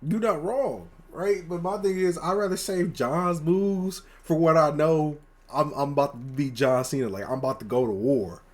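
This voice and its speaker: A man co-hosting a podcast in casual chat, animated and swearing freely as he acts out scenes. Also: fairly high pitch, normal speed, few pauses. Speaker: podcast co-host.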